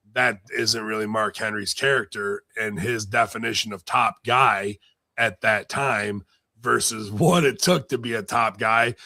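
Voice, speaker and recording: A man's voice: lowish voice, gravelly, bright, forceful tone, no room sound. A man co-hosting a podcast, talking in blunt, profane, rambling casual commentary. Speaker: podcast co-host.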